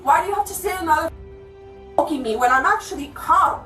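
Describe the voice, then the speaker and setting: Play a high-voiced, heated woman venting to a cop, caught by a distant bodycam in an echoey room with faint music underneath. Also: lively intonation, pushed and bright. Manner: heated, fast, swearing, venting. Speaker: resident speaking to police. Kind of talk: agitated account to an officer. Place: inside a house, indoors. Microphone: police bodycam from a distance.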